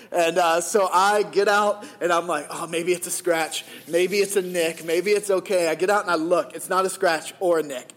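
A man with a high-pitched voice tells a personal story as part of a sermon. His delivery is conversational, and he keeps checking in with his listeners as he goes. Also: a bit bright.

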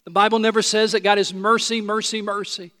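Emphatic high-voiced male preacher. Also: little pitch movement, fairly quick, in a large hall. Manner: emphatic, swings from loud proclamation to soft intimate asides. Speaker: pastor. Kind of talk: sermon.

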